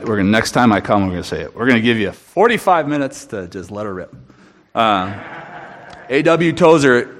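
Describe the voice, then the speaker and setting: Earnest lower-voiced man preaching. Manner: earnest, emphatic, with frequent restarts. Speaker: guest speaker at a church. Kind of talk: sermon testimony. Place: church room.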